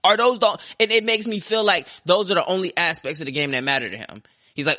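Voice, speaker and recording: A man's voice: sits high, fast talker, pushed and bright, no room sound, clean studio sound. A young man hosting a podcast, ranting about sports in a heated, profane, sarcastic way. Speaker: podcast host.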